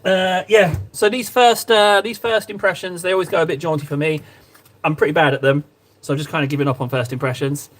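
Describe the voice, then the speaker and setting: A man paints miniatures while live-streaming, chatting playfully and rambling to his viewers in casual stream talk. His brisk voice is a little high with fairly even intonation.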